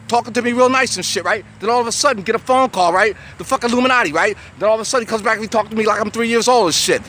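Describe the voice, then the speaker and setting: Standing on a city street, a US man in his sixties with a high, bright voice gives an agitated, profane rant to the camera. His talk rambles, with repetitive stammering restarts throughout. Faint street and traffic noise runs behind him.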